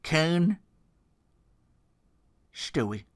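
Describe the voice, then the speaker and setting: A man voicing a grizzled wrestler who delivers a theatrical promo that swings between shouts and hushed lines. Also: fairly high pitch, very animated, very slow, heavily acted. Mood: dramatic. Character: grizzled male wrestler cutting a dramatic promo.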